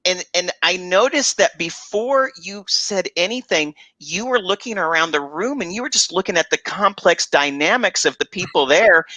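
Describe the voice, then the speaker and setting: Bright, halting male radio host. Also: high-pitched, dry recording. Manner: halting, many restarts, effusive praise. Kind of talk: casual interview chat.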